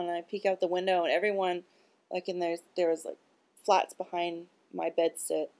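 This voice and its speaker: A woman with a low, husky-edged voice and a gravelly fry runs through a loose, stream-of-consciousness monologue. She talks bluntly and swears freely, with plenty of filler words. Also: level tone, moderate pace, darkish tone. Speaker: vlogger. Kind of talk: rambling casual monologue.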